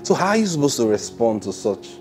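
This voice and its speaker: A man's voice: medium pitch, very animated, fast, faint music behind. A man preaching a sermon in a plain, conversational manner, often repeating his phrases.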